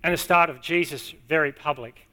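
Male preacher, high and bright, emphatic sermon delivery. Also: smooth. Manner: emphatic, repeating key words slowly. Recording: long hall reverb.

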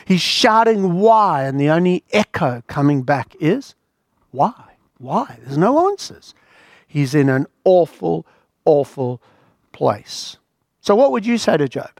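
A man preaching a sermon in an earnest, emphatic way, with dramatic pauses. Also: fairly high pitch, dry recording, studio quality.

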